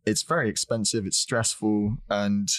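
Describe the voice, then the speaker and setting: A man co-hosting a podcast in casual chat, speaking in a measured, hesitant way. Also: lowish voice, steady tone, fairly bright tone, no room sound, clean studio sound. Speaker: podcast co-host.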